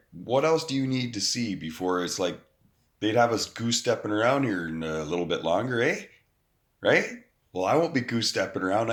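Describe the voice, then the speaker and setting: A man's voice: fairly low pitch, a bit bright. A man, recording an angry, profane rant into his phone outdoors. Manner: angry, profane rant with mocking quoted voices. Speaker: vlogger. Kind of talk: ranting to camera.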